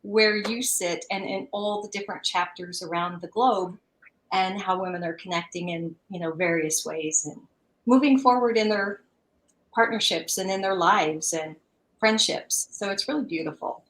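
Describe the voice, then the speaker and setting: A woman's voice: mid-range voice, moderate pace, a bit bright, reverberant, rough recording. A woman guest in a casual interview on a video call, speaking in a heartfelt, reflective way.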